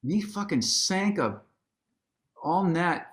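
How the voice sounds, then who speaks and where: A man with a somewhat high voice tells a story at a live onstage talk. He is casual and swears freely. He acts out quotes with sudden leaps in pitch and often restarts his sentences. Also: animated, slow pace, fairly bright tone. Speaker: guest, musician and author.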